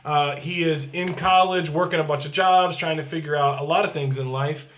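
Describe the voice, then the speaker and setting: A man's voice: a little high, fairly even intonation, moderate pace, fairly bright tone, echoey room. A man serving as pastor, giving casual church announcements in an upbeat, chatty way and reading scripture aloud.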